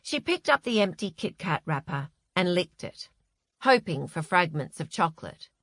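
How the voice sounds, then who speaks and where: A woman reads an audiobook as scripted narration, telling the story in a measured, expressive way. Her voice is lowish, and the recording is dry and clean, with studio quality.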